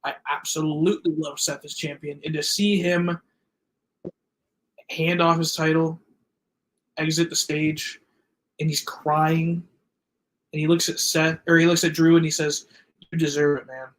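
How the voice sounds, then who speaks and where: A man with a somewhat high voice talks through a wrestling match on a casual podcast. He is an enthusiastic fan and checks his notes as he recaps the action. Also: fairly even intonation, unhurried, long pauses, low-quality recording. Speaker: podcast co-host.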